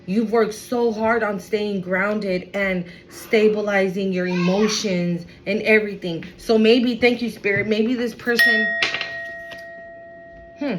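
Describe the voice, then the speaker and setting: Woman reader, slow and emphatic, faint hiss behind; spiritual reading to camera. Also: medium pitch, fairly even intonation. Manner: emphatic, repeats phrases, addresses viewers as y'all. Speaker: tarot reader.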